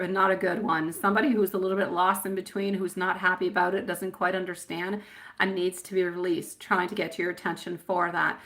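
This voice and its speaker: A woman's voice: mid-range voice, sharp tone. A woman giving a live-stream tarot reading, chatty and affectionate, often laughing at herself.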